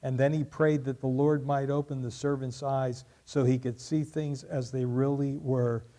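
Pastor guy preaching, average pitch, gets loud and fervent then goes soft. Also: fairly even intonation, normal speed, few pauses. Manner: builds to loud emphatic peaks while reading aloud; drops to quiet, soft closing lines. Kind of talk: sermon.

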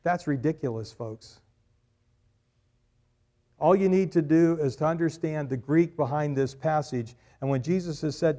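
A male pastor preaching a sermon, swelling loud on key phrases and dropping quiet after them. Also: on the high side, normal speed.

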